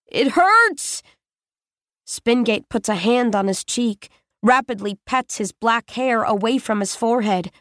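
A woman reading a first-person story aloud in a measured, steady way. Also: on the high side, dry recording, studio quality. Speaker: audiobook narrator.

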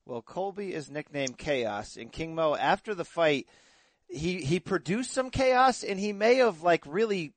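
Male sports show host, slightly high voice, dry close sound. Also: animated, a little slow, no room sound.

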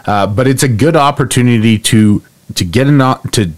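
A man co-hosting a sports podcast who gives measured, analytical takes in a casual tone. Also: medium pitch, no room sound. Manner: measured, analytical, some restarts. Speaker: podcast co-host.

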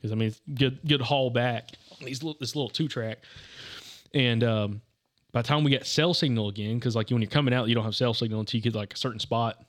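A man's voice: medium pitch, fast talker. A young man hosting a podcast, telling a hunting story in loose, rambling casual chat full of "dude" and "like.". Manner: rambling, says "dude" and "like" constantly.

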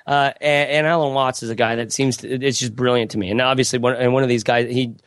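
A man's voice: medium pitch, steady tone, fast, a bit bright, no room sound. A man speaking as a podcast guest in casual conversation, rambling and reflective with many restarts and asides.

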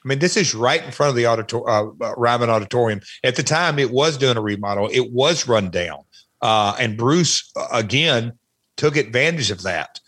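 A middle-aged man talking as a podcast guest, reminiscing in an animated way with many fillers and restarts. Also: mid-range voice, moderate pace. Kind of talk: casual chat, reminiscing.

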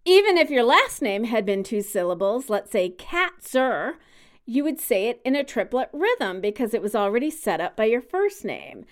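Brief: smooth-voiced woman co-host, lively pitch, teacherly and explanatory. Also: normal speed. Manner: explanatory, musical-teacher tone, sings out examples. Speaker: podcast co-host. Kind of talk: casual podcast chat.

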